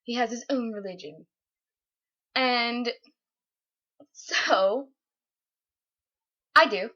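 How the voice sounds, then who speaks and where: A young woman tells a funny story in a lively, giggly way that keeps breaking into laughter. Her voice is bright and a little high. The recording sounds dull and lo-fi, like a cheap webcam mic. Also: drawn-out words. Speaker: vlogger. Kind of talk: casual storytelling.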